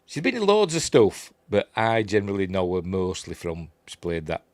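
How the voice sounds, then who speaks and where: Middle-aged Yorkshire male host, low voice with a lot of swing in it, rambling live commentary, dry close sound. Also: huge pitch swings, normal speed, a little mellow, no echo. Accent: Yorkshire English. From Yorkshire, England. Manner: chatty, rambling, laughs at his own jokes; reads out viewer chat messages. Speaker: host of a livestream review show.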